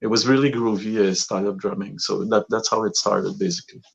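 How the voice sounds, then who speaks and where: A man tells stories as a podcast guest. His voice sits low and the recording sounds dull and lo-fi. He rambles, restarting sentences and filling gaps with "uh" and "like". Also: little pitch movement, fast, vocal fry, a crowd in the background. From Quebec, Canada. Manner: rambling, many fillers and restarts. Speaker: guest musician. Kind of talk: casual storytelling interview.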